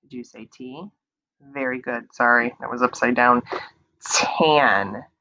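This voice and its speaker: A woman teacher gives young children a slow, patient early reading lesson, repeating words and drawing out sounds to encourage them. Her voice is bass-deep, pushed and bright, and the sound is lo-fi.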